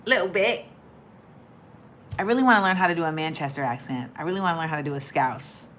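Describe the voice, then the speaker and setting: A woman's voice: fairly low pitch, big pitch swings, quick pace, a bit bright, slight background noise. A woman hosting a casual livestream, chatting playfully with viewers, reading their comments and laughing as she goes. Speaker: livestream host.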